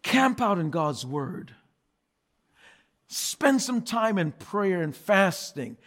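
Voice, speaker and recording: A man preaching a sermon as pastor, swinging from loud emphatic repetition to quiet dramatic storytelling. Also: sits high, big pitch swings, slow pace.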